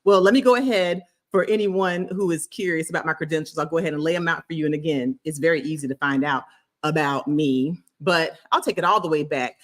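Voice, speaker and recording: A woman's voice: deep voice, fairly quick. A middle-aged woman doctor from the US South, hosting a casual medical video and answering a commenter in an emphatic, sassy way. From Florida, US South.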